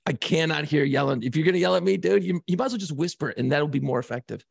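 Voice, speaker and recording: A man's voice: a little high, fast, creaky, husky, no room sound, studio quality. A man chatting casually as a podcast co-host, reflective and profane, often checking in with the listener. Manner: reflective, profane, asks "you know what I mean".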